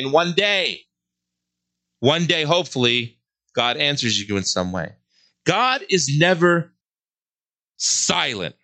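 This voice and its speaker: A man hosting a religious commentary show, delivering an earnest, preaching monologue with slow, emphatic repetition. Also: medium pitch, expressive, bright, forceful tone. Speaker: host.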